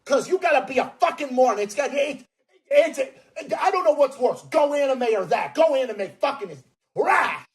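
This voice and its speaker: A man with a Massachusetts accent ranting loudly and profanely in a mocking, angry online video. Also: very high-pitched, lively intonation, normal speed, faint music behind. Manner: profane, loud, mocking outbursts.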